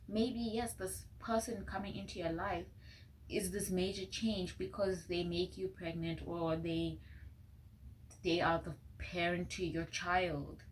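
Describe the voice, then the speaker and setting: A young woman reading tarot cards in a casual, earnest way, recorded on a phone, sometimes dropping into soft whispered asides. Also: on the low side, steady tone, measured pace, slight background noise, low-quality recording. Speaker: tarot reader. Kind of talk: casual pick-a-card reading. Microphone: phone microphone.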